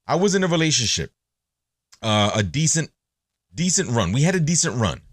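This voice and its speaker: A podcast host delivers a blunt, profane, casual monologue, telling stories with animation. His voice is medium-pitched at normal speed, and the recording is clean studio sound with no room sound.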